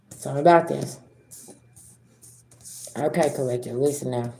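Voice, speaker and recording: A woman's voice: medium pitch, lively intonation, fairly quick, dark tone, reverberant. A woman with a Southern American accent giving a blunt, profane spiritual reading to her viewers, acting out arguments as she goes. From Southern United States. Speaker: spiritual reader. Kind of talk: casual tarot reading to viewers.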